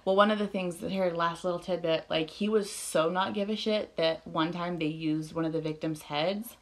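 On a true-crime podcast, a woman co-host tells a crime story casually in a fairly low, steady voice at normal speed, with slight background noise. She uses lots of fillers, swears openly, and laughs a lot.

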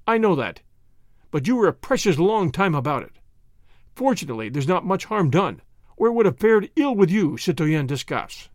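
A man's voice: sits high, big pitch swings, moderate pace, no echo, clean studio sound. A man voicing a scheming male revolutionary agent, clipped and commanding, full of impatient fury.

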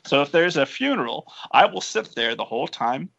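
A man's voice: fairly high pitch, big pitch swings, a little fast, gravelly, fairly bright tone, no echo, lo-fi sound. A man from Indiana hosting a podcast interview, joking along with his guest and wrapping up the show. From Indiana, USA. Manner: joking and friendly. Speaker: podcast host. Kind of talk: casual interview chat.

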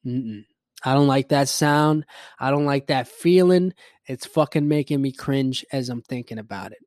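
A man's voice: mid-range voice, normal speed, darkish tone, dry recording, studio quality. A man hosting his own show, rambling in a casual solo rant, swearing freely and mocking his own grumpiness. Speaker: podcast host.

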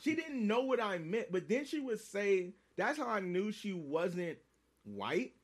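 A man chatting casually on a podcast, telling animated stories full of swearing and mimicked sound effects. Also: sits high, a little slow. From East Coast, D.C. area. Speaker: podcast co-host. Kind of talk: casual chat.

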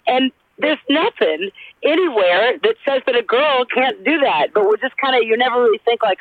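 Southern american woman, rambling and enthusiastic, high voice, tinny dry phone line. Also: expressive, normal speed, dry recording. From Alabama, US. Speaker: actress guest. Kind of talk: casual chat. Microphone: phone call.

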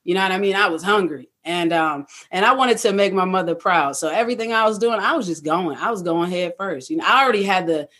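A guest in a casual interview, telling stories in an animated way, acting out past thoughts and leaning on fillers like "you know what I mean". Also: medium pitch, fast, few pauses. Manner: animated, acts out own past thoughts in quotes. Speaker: guest, truck owner-operator.

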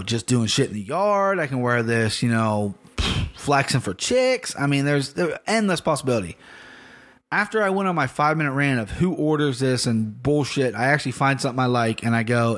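A man's voice: medium pitch, fairly bright tone. A middle-aged man hosting a casual solo podcast, rambling and swearing, often restarting his sentences. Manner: rambling, profane, self-interrupting. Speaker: podcast host.

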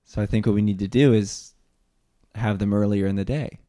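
A man's voice: lowish voice, steady tone, brisk, warm tone. Rambling, stammering man hosting a comedy show. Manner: rambling and hesitant, full of stammers and comic excuses. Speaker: podcast host. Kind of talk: improvised comedy banter.

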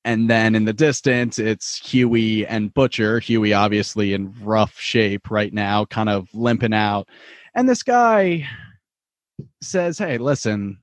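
A man co-hosting a podcast, summarizing TV plot in a steady, casual way. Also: on the low side, slow pace, no room sound. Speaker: podcast co-host. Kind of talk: casual TV recap chat.

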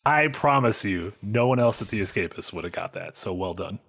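Man, podcast co-host, casual chat, lively pitch, quick reactions. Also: gravelly, husky.

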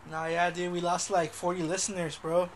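A man's voice: high voice, level tone, normal speed, a little hiss or hum. A man co-hosting a casual podcast, talking in a crude, profane, slangy way. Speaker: podcast co-host.

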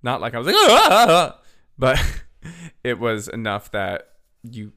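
A young man hosting a podcast, telling a story casually. He talks in a chatty way, full of "literally" and "like", and his voice is slightly hoarse. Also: medium pitch, animated, measured pace, pushed and bright. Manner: chatty, filler-heavy, "literally" and "like". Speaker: podcast host.

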